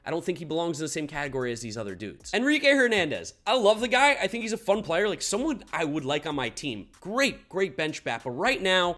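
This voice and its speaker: A man's voice: fairly high pitch, fairly bright tone. A young man giving blunt, emphatic opinions in casual commentary, ranking baseball players into tiers. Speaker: baseball tier list creator.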